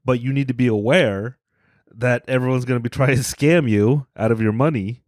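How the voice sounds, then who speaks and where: A man co-hosting a podcast, making dark jokes in a deadpan casual chat. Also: mid-range voice, moderate pace, no room sound, studio quality. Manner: deadpan, darkly joking. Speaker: podcast co-host.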